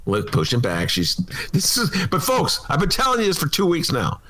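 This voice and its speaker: A man's voice: fairly high pitch, wildly swooping pitch, moderate pace, fairly bright tone. A man hosting a political talk show, giving opinionated commentary with sarcastic, jokey asides.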